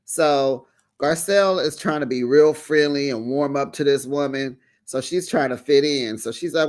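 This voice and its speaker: A man hosting a casual recap of a reality show, sassy and animated, with lots of "honey" and "child". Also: on the high side, moderate pace. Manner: acts out the quotes in put-on voices.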